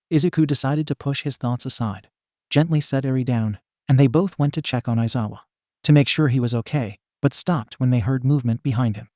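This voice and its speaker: In a steady, plain reading voice of middle pitch, a man narrates a fan fiction story at a slightly fast pace. The recording is close and dry, with no room sound.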